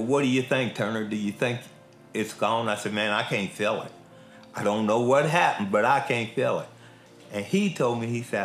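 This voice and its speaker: A man's voice: medium pitch, a bit bright. A middle-aged man in prison gives an earnest, plain-spoken personal testimony in a casual, colloquial way. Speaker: prison inmate giving testimony. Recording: echoey room with faint music.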